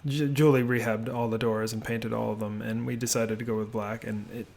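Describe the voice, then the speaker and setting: Speaking a little fast, the man voices a house tour from his home office as a homebuilding vlogger. His pitch is ordinary and mid-range with a gravelly fry throughout, and he rambles casually, restarting often and leaning on fillers.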